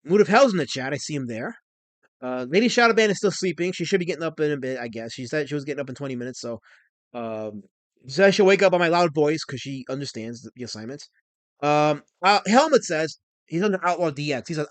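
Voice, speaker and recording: Casual livestream host, male, high voice, rambling delivery, dry close sound. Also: animated, fast talker, no room sound. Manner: rambling, reads chat aloud and mock-rants in a raised voice. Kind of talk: casual live-stream chat.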